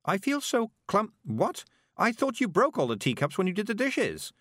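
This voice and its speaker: A man's voice: high-pitched, huge pitch swings, normal speed, fairly bright tone, dry recording, clean studio sound, pitched above the performer's own voice, heavily acted. A man voicing a frail, fussy woman witch who speaks politely in a quavering voice. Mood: fretful.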